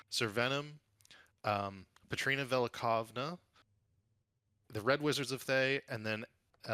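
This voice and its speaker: A man's voice: lowish voice, bright, forceful tone, no room sound. A man running a tabletop game as dungeon master, reading out the turn order in a matter-of-fact way. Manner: matter-of-fact, reads out lists.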